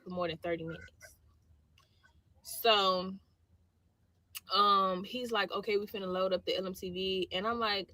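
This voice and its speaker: A woman soldier telling a story in a vlog clip, animated and slangy as she retells a dialogue. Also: mid-range voice, normal speed, dry recording.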